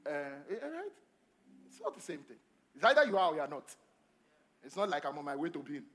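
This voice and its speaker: A male pastor preaching a sermon at a church service, emphatic and repetitive, swinging between loud calls to the congregation and quiet asides. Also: a little high, big pitch swings, fast talker, slightly rough. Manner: repeats phrases and asks the congregation questions.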